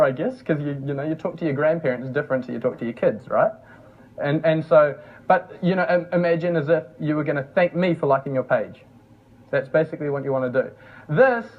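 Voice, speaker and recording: Young male presenter, casual and jokey, high-ish voice, dull lo-fi sound. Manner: chatty, joking, laughs often. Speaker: workshop presenter. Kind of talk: casual teaching talk. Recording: dull lo-fi recording.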